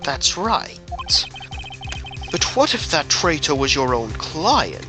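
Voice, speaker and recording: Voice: medium pitch, big pitch swings, takes it slowly, over music. A co-player voicing a stammering young lawyer. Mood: earnest. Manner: hesitant, stammering openings.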